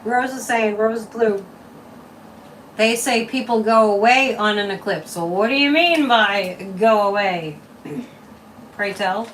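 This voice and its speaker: A woman hosting a psychic livestream, reading viewer comments and pulling tarot cards in an opinionated, casual chat with lively swings in pitch and loudness. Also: takes it slowly, long pauses. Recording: distant mic with faint room noise.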